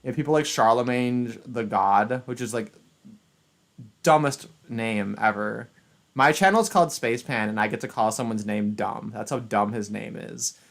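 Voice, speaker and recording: A man's voice: mid-range voice, moderate pace, vocal fry. A man hosting a casual chat stream, rambling and sarcastic, often restarting his sentences. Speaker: streamer and channel host.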